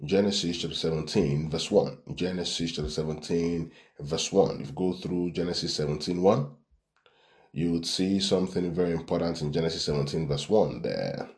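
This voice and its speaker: A man's voice: sits low, fairly even intonation, brisk, darkish tone, reverberant. A man preaching a Bible-study sermon to a church class, reading scripture aloud and repeatedly checking in with "right?".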